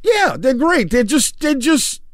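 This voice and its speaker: A man's voice: very high-pitched, a little slow, no echo, studio quality. A man, a comedian guest, telling stories casually in an interview and acting out the people he quotes. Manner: animated storyteller, acts out voices in quotes. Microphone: studio mic, dry garage room.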